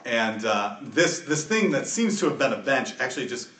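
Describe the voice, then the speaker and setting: A man narrating a tabletop game as game master, chatty and loose with plenty of filler words. His mid-pitched voice sits back from the mic in an echoey room with some faint noise. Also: very animated, moderate pace, fairly bright tone, distant mic.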